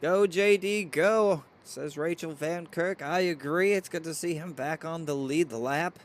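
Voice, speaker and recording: Excitable man calling a race, slightly high. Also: moderate pace. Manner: excitable, reads viewer chat aloud. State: hiccups. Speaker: race commentator. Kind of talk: play-by-play commentary.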